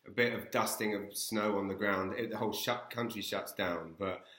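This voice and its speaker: A man's voice: fairly low pitch, steady tone, moderate pace, sharp tone. An English man hosting a casual interview, telling stories in a chatty, self-deprecating way. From England. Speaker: host. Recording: roomy echo.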